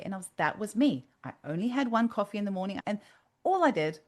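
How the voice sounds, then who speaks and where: Woman host from South Africa, casual podcast chat, candid and animated. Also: medium pitch, fast. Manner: chatty, candid, animated storytelling.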